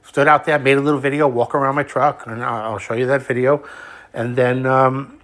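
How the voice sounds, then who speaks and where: A man with a voice worn toward hoarseness tells a repair-shop dispute in a heated, rambling way. He swears freely and keeps restarting his sentences. His pitch sits right in the middle of the range. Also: level tone, brisk, fairly bright tone. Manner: heated, curses freely, stumbles and repeats. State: losing his voice. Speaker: unhappy customer. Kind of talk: casual angry retelling.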